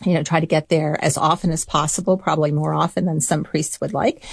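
A woman's voice: fairly low pitch, breathy edge, dry recording, clean studio sound. A middle-aged woman, a spiritual director, telling a personal story in a conversation, reflective and laughing often.

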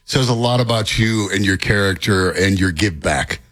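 A man, a veteran radio broadcaster, chatting casually and warmly appreciative of his co-host. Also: lowish voice, normal speed.

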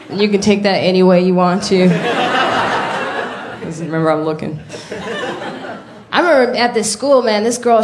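A woman's voice: medium pitch, very noisy. A woman stand-up comedian from Chicago, telling self-deprecating stories in a wry way. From Chicago, USA. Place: live comedy club stage. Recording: echoey live room with loud audience.

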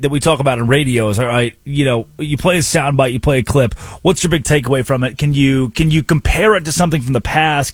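A man's voice: medium pitch, breathy edge, no echo. A man hosting a sports talk radio show, arguing his points emphatically in a monologue. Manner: emphatic, animated, argumentative.

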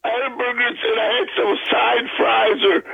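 A male caller with a loud, excitable hollering manner, rambling on a call-in show. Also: very high-pitched, moderate pace, gravelly. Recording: tinny phone line, loud crowd noise.

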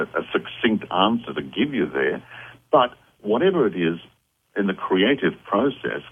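Low husky guy on a phone line, calm and reassuring, giving spiritual advice on the radio. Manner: earnest, reassuring, explanatory. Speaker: psychic medium guest.

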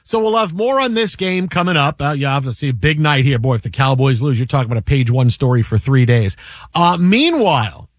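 A man hosting a sports talk radio show, energetic and joking, often repeating words. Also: medium pitch, brisk, no room sound, clean studio sound.

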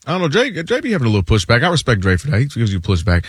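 A man co-hosting a sports radio show, arguing basketball in an animated, interjecting way. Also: medium pitch, rapid-fire, breathy edge, no echo, clean studio sound. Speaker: co-host.

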